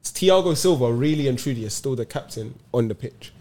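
Man, mid pitch, talks fast, earnest, repeats himself. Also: animated, dark tone. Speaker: podcast co-host. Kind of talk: casual chat.

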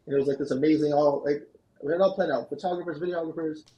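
A man, a guest on a podcast, telling a long story in an animated, fast-moving way. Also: fairly high pitch, lo-fi sound. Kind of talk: storytelling interview answer. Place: podcast studio.

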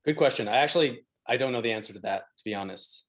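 Man guest giving measured answers. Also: mid-range voice. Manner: measured, hedging answers with fillers. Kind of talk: casual conversational interview.

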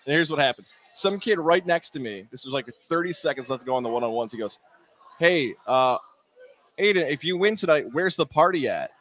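Sports talk co-host, man, rapid, raised pitch, story-driven, defends his calls. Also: lively intonation, fairly bright tone. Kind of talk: casual sports radio banter.

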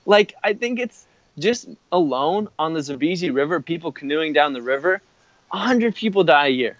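A young man in casual chat, telling a wild travel story in an animated way, full of "like" and laughing mid-sentence. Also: on the high side, normal speed, dry recording, dull audio.

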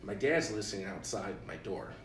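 A man's voice: lowish voice, expressive, moderate pace, fairly bright tone, far from the mic, a little hiss or hum. A young man from Illinois hosting a podcast, telling a long personal story in casual chat, acting out the quotes and laughing often. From Illinois, USA. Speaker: podcast host. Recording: roomy, from off-mic.

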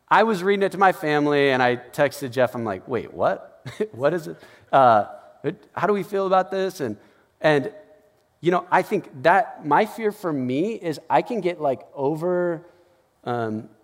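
A man preaching a casual, conversational sermon as pastor, acting out little scenes and quotes. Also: on the high side. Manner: conversational, animated, acts out quotes with laughs. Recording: long hall reverb.

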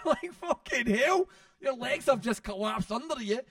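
A man tells animated stories in an interview, swearing freely. His voice sits high for a man. The sound is dry, picked up from a distant mic. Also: normal speed, no room sound. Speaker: author. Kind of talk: storytelling in an interview.

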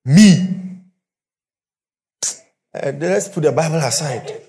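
Animated preacher man. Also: a little high, slow. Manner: animated, storytelling preaching with pidgin asides. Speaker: pastor. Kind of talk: sermon. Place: church with live and online congregation.

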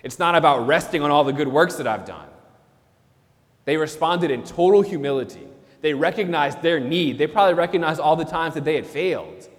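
A man's voice: fairly high pitch, lively intonation, brisk, in a large hall. A man, a priest, preaching a sermon in an earnest way and repeating key phrases for emphasis.

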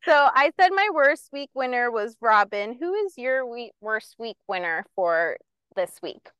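A young woman trades reality-TV gossip as a podcast co-host, laughing often and hedging her claims. Her voice is smooth and clean. The sound is dry and close to the mic. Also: a little high, very animated, unhurried, a bit bright, no echo. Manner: chatty, laughs often, hedges with "alleged". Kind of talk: casual pop-culture gossip chat.

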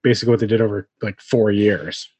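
A man in a casual podcast conversation, making relaxed, matter-of-fact remarks. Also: lowish voice, quick pace, breathy edge. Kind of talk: casual chat.

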